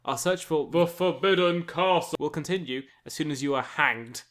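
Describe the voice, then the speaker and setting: A man's voice: fairly high pitch, normal speed, a bit bright, lightly acted. A man voicing a stern earl who threatens a captive, staying close to his own voice. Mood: menacing. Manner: reads the lines mostly in his own voice.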